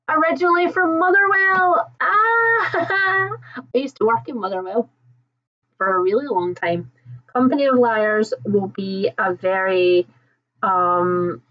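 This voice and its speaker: Chatty Scottish woman on a lo-fi stream. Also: mid-range voice. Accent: Scottish, toned down. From Scotland. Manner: chatty, warm to viewers, laughs often. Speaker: book channel host. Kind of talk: casual livestream chat reading comments.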